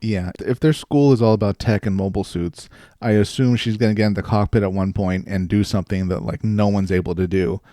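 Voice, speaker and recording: A man's voice: lowish voice, fairly even intonation, a little fast, hardly any pauses, mellow, no echo, clean studio sound. A man co-hosting a casual podcast, joking around and laughing often. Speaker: podcast co-host.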